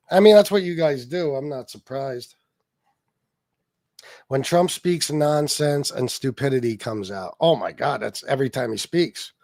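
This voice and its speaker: Hosting a casual political livestream, a man reads chat comments aloud and answers them with profane, mocking sarcasm. His voice is fairly high with a darkish tone, captured in studio quality with no echo.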